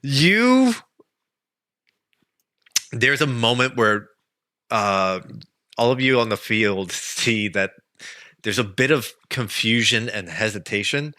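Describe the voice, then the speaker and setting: A man runs a tabletop game as game master, his voice very bright and forward. He narrates at an unhurried pace, animated and often laughing as he tells what happens. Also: mid-range voice, no echo, clean studio sound.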